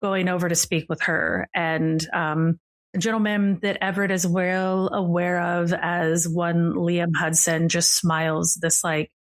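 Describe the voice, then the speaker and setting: A woman with a fairly low voice runs a tabletop game as game master. She narrates casually, sprinkling in ums and likes as she describes the scene. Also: level tone, a little slow. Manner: casual, many fillers.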